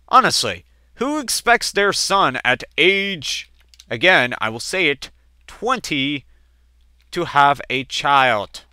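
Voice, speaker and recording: A man of twenty doing casual let's-play gameplay commentary, chatting and telling family stories in which he acts out quoted relatives with sudden jumps in pitch. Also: big pitch swings, takes it slowly, pauses often, pushed and bright, clear, resonant tone, no room sound, clean studio sound. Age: 20s.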